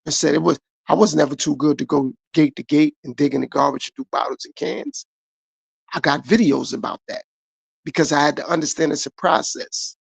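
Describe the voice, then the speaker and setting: Man, middle-aged, gravelly voice, a little high, earnest motivational monologue, dry close sound. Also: no echo. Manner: earnest, repetitive, preaching from his own life. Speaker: podcast host.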